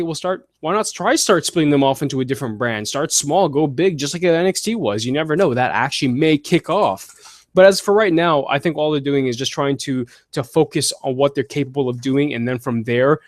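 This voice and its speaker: A man hosting a casual podcast, answering listener questions with blunt, profane and animated opinions. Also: medium pitch, no room sound, clean studio sound. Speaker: podcast host. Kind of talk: casual wrestling podcast chat.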